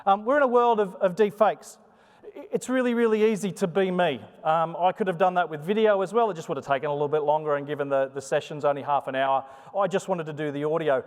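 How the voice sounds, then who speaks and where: Speaking fast in a somewhat high voice, a conference presenter gives a live talk with sing-song intonation that rises and falls. He's chatty, joking and animated with the audience, and a long hall reverb carries through the sound.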